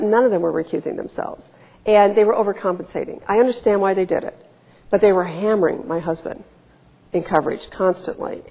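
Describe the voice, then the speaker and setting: A woman's voice: medium pitch, darkish tone. A woman in her forties from Ohio, telling candid, wry stories at a public talk. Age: 40s. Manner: candid, wry storytelling with emphatic quoted asides. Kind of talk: storytelling talk. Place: lecture hall. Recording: reverberant lecture hall.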